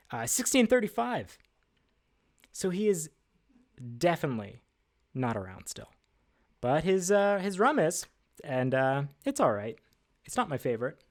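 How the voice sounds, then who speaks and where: A man with a slightly high, sing-song voice runs a casual livestream trivia from his desk indoors, speaking at a measured pace with long pauses. He comes across chatty and upbeat, heavy on fillers and self-deprecating remarks.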